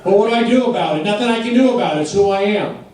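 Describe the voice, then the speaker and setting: On a club stage, a man with a high, slightly mellow voice does fast stand-up, blunt and self-deprecating in short, repeated sentences. Audience laughter sounds behind him, and the recording is distant, echoey, and noisy.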